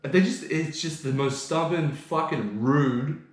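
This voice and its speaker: A man's voice: fairly high pitch, measured pace. An Australian man rants on a casual podcast, heated and swearing often. His voice rings out in a very echoey room. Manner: heated, profane, ranting. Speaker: podcast co-host.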